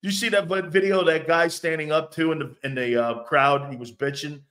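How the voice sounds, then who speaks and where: A man's voice: on the high side, brisk. A man hosting a sports talk show, reacting to fan comments in a loose, profane way and laughing often. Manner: animated, laughing, profane, loud outbursts.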